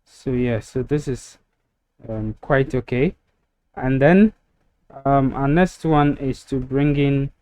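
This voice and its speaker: A man's voice: mid-range voice, dark tone. A man walking through a website-building tutorial step by step, narrating over a screen recording with frequent ums. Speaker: web design tutor.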